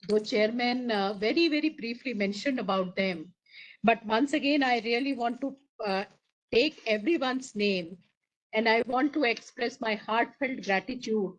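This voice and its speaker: A woman's voice: fairly high pitch, poor audio. A woman moderating a session and giving formal closing remarks, earnest and emphatic as she reads a long list of names. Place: conference hall.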